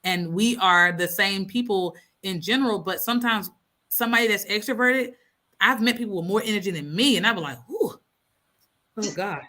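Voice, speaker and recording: A woman's voice: medium pitch, animated, normal speed, sharp tone. A woman in her thirties hosting a casual live stream, reading out comments and acting out her own thoughts with lots of laughter.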